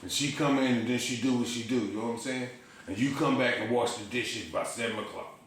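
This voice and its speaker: A middle-aged man telling lively, profane stories in a casual chat, laughing often. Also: medium pitch, fairly quick, recorded from a distance. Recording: echoey room with faint noise.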